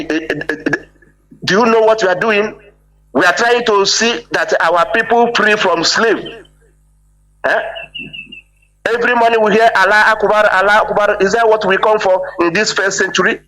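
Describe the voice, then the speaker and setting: Emphatic male caller with a bright voice. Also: sits high, moderate pace, rough recording. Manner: emphatic, repeats "eh?" for agreement. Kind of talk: impassioned call-in speech.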